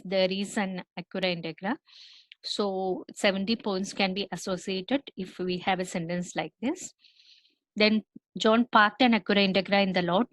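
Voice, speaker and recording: A woman's voice: medium pitch, no room sound, rough recording. A woman with an Indian English accent giving a recorded university lecture, explaining step by step with many fillers and restarts.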